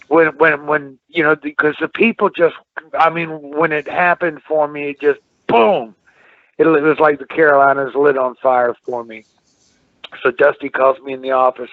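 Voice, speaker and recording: A middle-aged man, a former wrestler and guest on the show, telling rambling, animated stories on a phone call. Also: mid-range voice, no room sound. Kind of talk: storytelling interview. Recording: tinny phone line.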